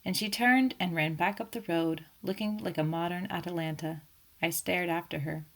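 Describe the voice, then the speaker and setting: A woman reading a classic detective novel aloud as narrator, in a measured storytelling manner. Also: lowish voice, fairly even intonation. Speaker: audiobook narrator.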